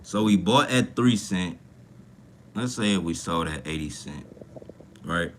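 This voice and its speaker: A man's voice: low voice, lively intonation, takes it slowly, slight background noise. A young man hosting a casual livestream, talking in a profane, rambling way and reacting to chat comments. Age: young adult. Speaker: livestream host. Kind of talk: casual livestream talk about money.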